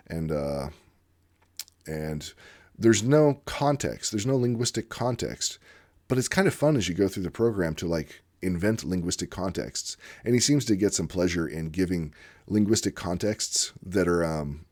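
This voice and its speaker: Male host, very low voice, casual unscripted monologue, rambling and eager. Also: darkish tone. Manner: rambling and enthusiastic, with frequent fillers. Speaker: channel host discussing language teaching; former literacy teacher.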